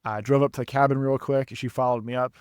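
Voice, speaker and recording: A young man on a podcast telling a long story casually, animated and profane, laughing at himself. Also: medium pitch, quick pace, smooth, no room sound, clean studio sound. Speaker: podcast co-host.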